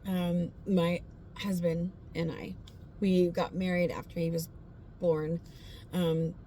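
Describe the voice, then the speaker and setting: A woman sharing her personal faith testimony in a casual, earnest, heartfelt way, pausing often with fillers. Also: fairly low pitch, level tone, dark tone, slight background noise.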